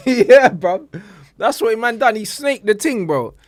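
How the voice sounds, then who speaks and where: A man co-hosting a football podcast, chatting in relaxed slang and agreeing along. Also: high-pitched, slow. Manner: laid-back agreeing, slangy. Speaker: podcast co-host. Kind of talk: casual banter podcast.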